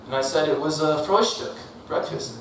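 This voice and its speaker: Deadpan man doing stand-up in an echoey club. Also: fairly high pitch, normal speed. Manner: deadpan delivery with laughing asides. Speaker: stand-up comedian. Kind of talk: stand-up comedy set. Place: comedy club stage. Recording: echoey club from a distant mic, audible noise.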